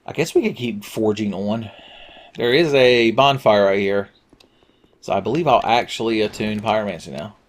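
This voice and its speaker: A man's voice: on the low side, normal speed. A man giving let's play commentary, sarcastic and profane, rambling from joke to joke. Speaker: game commentator.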